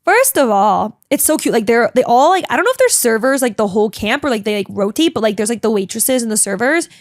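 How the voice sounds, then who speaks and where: A chatty, dramatic young woman telling a casual vlog story, full of "like" and quick asides. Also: on the high side, sing-song, dry recording, clean studio sound. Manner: chatty and bubbly, heavy use of "like", dramatic; talks a lot, emotional. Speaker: vlogger.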